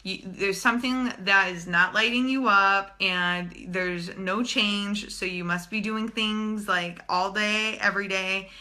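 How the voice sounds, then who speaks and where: A woman's voice: mid-range voice, steady tone, a little slow, few pauses, sharp tone. A young woman talking casually and bluntly to viewers in a live stream, swearing freely as a spiritual channeler.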